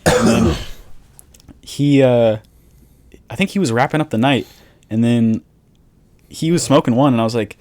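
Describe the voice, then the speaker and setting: A man's voice: medium pitch, measured pace, long pauses, a little mellow. A young man in casual podcast chat, telling rambling stories full of slang. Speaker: podcast co-host.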